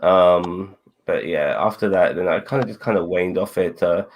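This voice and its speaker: A man's voice: low-pitched, moderate pace, a little hiss or hum. A man in casual chat, talking loosely and hesitantly with many fillers.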